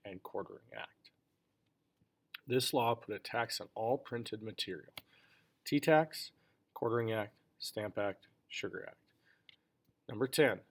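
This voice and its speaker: A man teacher reading a multiple-choice history test aloud, his voice falling at the end of each list of answers. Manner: measured, falls in pitch and volume at the end of each list of choices.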